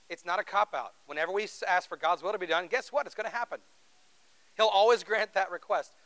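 Speaking in an earnest, conversational style, a pastor delivers his sermon while asking the congregation rhetorical questions. The voice is high-pitched, pushed and bright, captured on a rough recording.

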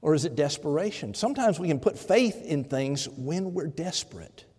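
A man's voice: on the high side, animated, normal speed, darkish tone, breathy edge. A man preaching a sermon in a conversational way, often repeating words and briefly acting out the people he quotes. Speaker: pastor. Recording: long hall reverb.

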